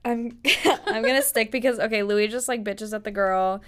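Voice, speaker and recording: A woman's voice: medium pitch, normal speed, background noise. Young woman reading fanfiction aloud, playful. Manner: reads aloud with playful put-on quote voices. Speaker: podcast host.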